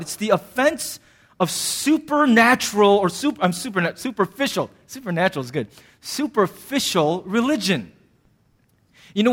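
Animated high-voiced male pastor preaching. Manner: animated, conversational preaching with sudden bursts of emphasis. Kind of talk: sermon.

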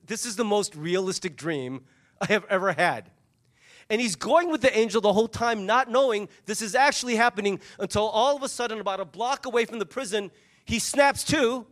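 Animated high-voiced male preacher. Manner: animated storytelling, acting out voices of the people in the story. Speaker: pastor. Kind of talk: sermon.

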